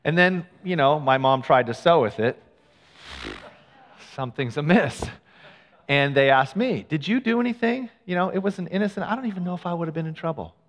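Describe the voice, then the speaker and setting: A middle-aged male pastor telling a personal story in a sermon, animated and acting out what people said. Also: fairly high pitch, a little fast. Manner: animated storyteller, acts out quoted lines. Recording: long hall reverb.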